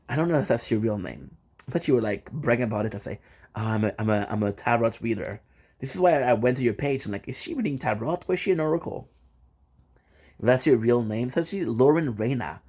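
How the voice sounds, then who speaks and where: A man with a warm, mid-range voice chats casually with his viewers while streaming live. He's playful and teasing, often repeating the same phrase several times in a row.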